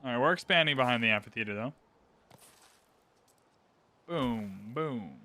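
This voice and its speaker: Bright, upbeat man doing game commentary. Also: mid-range voice, lively intonation, racing, smooth. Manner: upbeat, chatty, explains as he plays. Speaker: gaming channel host. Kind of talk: casual gameplay commentary.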